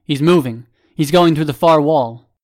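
A man reading a story, voicing a blunt young woman hero in a raised, pitched-up voice. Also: big pitch swings, fast, a little mellow, no echo, studio quality. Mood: urgent. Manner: raised, urgent voice.

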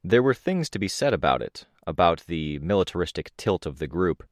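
A man narrating a first-person audiobook in a measured, even storytelling manner. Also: sits low, no room sound, studio quality.

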